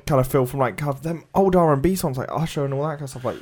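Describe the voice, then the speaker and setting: A man's voice: medium pitch, racing, darkish tone. A young man in casual podcast talk. He speaks in an ordinary mid-range voice, hesitating often and restarting his sentences. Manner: hesitant, full of ums, restarts. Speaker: podcast co-host. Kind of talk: casual chat.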